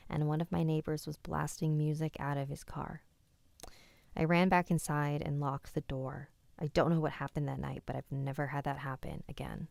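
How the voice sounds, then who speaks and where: A woman hosting a live stream, reading listener stories and chatting calmly with her chat. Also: sits low, vocal fry, no echo. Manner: calm, conversational reading with soft asides.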